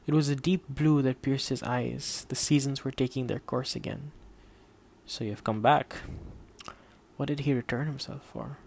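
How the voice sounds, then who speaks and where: The speaker is a man reading an audiobook in an even, measured rhythm, his mid-range voice medium in pitch and gravelly in texture. Rather than performing the characters' dialogue theatrically, he keeps it subdued.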